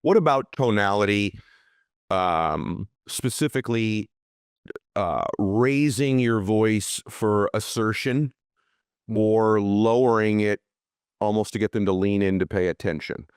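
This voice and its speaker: Male interview host, smooth voice, dry close sound, casual and informal. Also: lowish voice, slow pace, no room sound.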